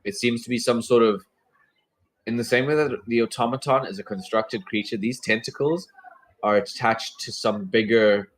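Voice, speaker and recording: A man's voice: medium pitch, moderate pace, low-quality recording. A man running a tabletop game as game master, narrating with many fillers and restarts.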